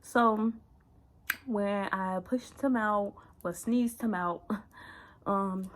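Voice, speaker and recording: In a rough recording, a young woman vlogger shares a personal story openly, using casual slang and often dropping to a hushed, almost whispered voice. She speaks at a medium pitch and draws out her words.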